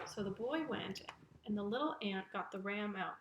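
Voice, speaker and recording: A woman's voice: mid-range voice, normal speed, slight background noise. Woman telling a children's story. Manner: lively storytelling. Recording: roomy echo.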